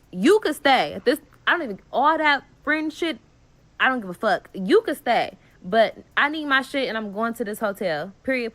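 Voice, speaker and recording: A woman with a Bay Area accent telling a story in a casual vlog, swearing freely and acting out what people said. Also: medium pitch. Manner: animated, swearing, slangy, acts out quotes.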